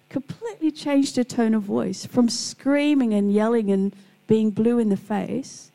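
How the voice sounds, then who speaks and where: A woman's voice: fairly high pitch, lively intonation, measured pace, gravelly, low-quality recording. A middle-aged woman giving a Christian devotional talk, telling personal stories and acting out the people in them. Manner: warm storytelling, acts out quoted people. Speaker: Christian speaker.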